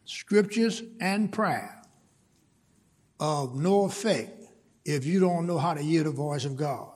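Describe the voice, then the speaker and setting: Preacher, male, slow deliberate delivery, high husky voice, church reverb. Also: a little mellow. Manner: repeats words, builds to emphatic preaching. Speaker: pastor. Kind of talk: sermon.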